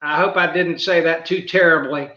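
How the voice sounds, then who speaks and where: Southern guy hosting a podcast, high bright voice, kinda muffled echoey sound. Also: steady tone, normal speed. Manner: folksy, lots of "uh" fillers. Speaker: podcast host. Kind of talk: casual interview.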